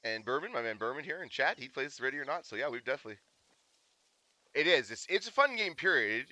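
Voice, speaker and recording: A young man from Canada chats through a live game stream in a loose, rambling way, joking and laughing often. His voice is very bright, and his pitch swings up and down with lively energy. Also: quick pace, no echo. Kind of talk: casual live-stream chat.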